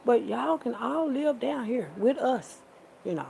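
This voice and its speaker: A woman's voice: a little high, expressive, creaky, mellow, a little hiss or hum, low-quality recording. A woman, sassy and preachy, calling listeners baby and child. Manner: sassy, preachy, drawn-out with pet names. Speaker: vlogger. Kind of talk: casual monologue to camera.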